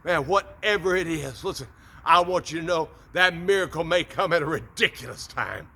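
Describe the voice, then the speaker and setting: Bright, upbeat preacher man. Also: a little high, expressive, moderate pace, gravelly, breathy edge. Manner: upbeat, folksy, repeats words. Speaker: preacher, motivational host. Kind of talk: short devotional talk.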